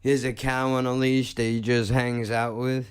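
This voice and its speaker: A man's voice: medium pitch, little pitch movement, moderate pace, clean tone. A man hosting a podcast in casual chat, blunt and profane, joking as he talks. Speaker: podcast host.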